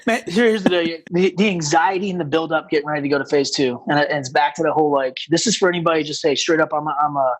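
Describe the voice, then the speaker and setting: A man telling stories as a guest on a casual podcast, animated and rambling, with lots of fillers. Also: on the high side, fast, few pauses, slightly rough, low-quality recording. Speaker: podcast guest, combat rescue officer.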